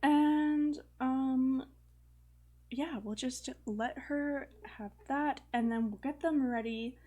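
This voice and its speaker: Young woman, let's-play commentary, slightly high voice, chatty, filler words, light laughs. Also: slow, warm tone. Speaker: gaming video host.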